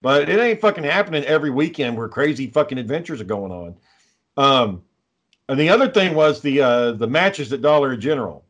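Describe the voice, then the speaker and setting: A man's voice: mid-range voice, lively intonation, a little fast, fairly bright tone, highs cut off. A man in casual conversation, talking bluntly and swearing heavily. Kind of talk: casual profane chat.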